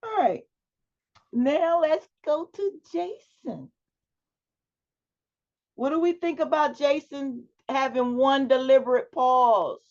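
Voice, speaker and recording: Female instructor, fry in the voice, lo-fi video call audio, prompting and critiquing students. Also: high voice, slow pace, long pauses, darkish tone. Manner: coaching, asks questions and prompts students. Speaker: public speaking instructor. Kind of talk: class feedback over video chat.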